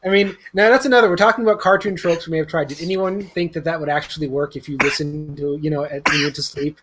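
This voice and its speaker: A man co-hosting a casual podcast chat, enthusiastic and quick to chuckle. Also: fairly high pitch, fairly even intonation, background noise. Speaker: podcast co-host.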